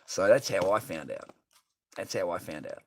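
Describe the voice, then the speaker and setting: Brief: middle-aged Australian man, lowish voice, cursing and bitter, repeating himself in a long rant. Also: lively intonation, moderate pace, darkish tone, slight background noise. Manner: profane, repetitive, bitter. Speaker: streamer. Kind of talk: ranting monologue.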